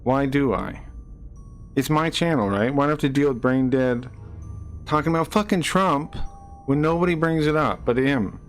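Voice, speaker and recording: A man's voice: mid-range voice, moderate pace, soft background music. A man streaming live, ranting angrily at people in his chat, swearing and repeating himself. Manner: angry, profane, repeats himself, rising to shouts.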